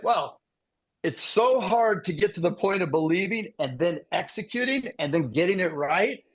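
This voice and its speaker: A middle-aged man giving a casual motivational talk to insurance agents, telling his story with lively asides. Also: fairly high pitch. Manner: animated storytelling with frequent "right?" asides. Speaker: business speaker presenting to agents.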